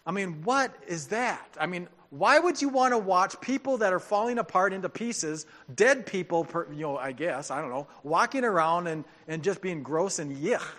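A man with a fairly high voice preaching a sermon. He reads scripture with dramatic weight, then shifts into plain, chatty explanation for his congregation. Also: lively intonation, normal speed, few pauses, fairly bright tone. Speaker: pastor.

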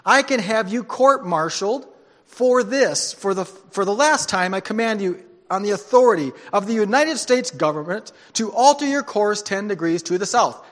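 A man preaching a sermon who acts out a stern navy captain shouting orders over the radio, in a reverberant hall. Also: high voice, lively intonation, moderate pace, voice pushed up. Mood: commanding. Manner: commanding, shouting.

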